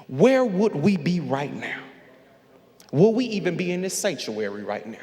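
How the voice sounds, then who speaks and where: A man's voice: high voice, big pitch swings, normal speed, darkish tone. A man preaching a sermon in a large church sanctuary, speaking in a rhythmic, repeating style and calling on the congregation to answer him. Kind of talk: call-and-response sermon. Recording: long hall reverb from the sanctuary.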